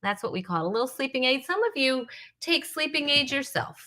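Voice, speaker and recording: A woman's voice: high voice, animated, a little fast, sharp tone. A woman from Rhode Island hosting a live comedy stream, chatty and teasing, rambling with fillers as she greets viewers. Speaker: host.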